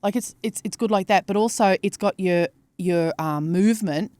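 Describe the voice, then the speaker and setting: A middle-aged woman co-hosting a podcast, chatting casually and telling stories with lively swearing. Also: medium pitch, normal speed, no echo. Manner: animated, swearing storyteller. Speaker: podcast co-host. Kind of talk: casual chat.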